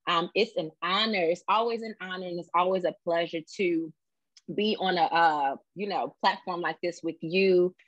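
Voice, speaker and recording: Sassy low-voiced woman guest. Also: normal speed, dry recording, highs cut off. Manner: playful, sassy, self-assured. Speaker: guest, intercessor. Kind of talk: casual faith podcast chat.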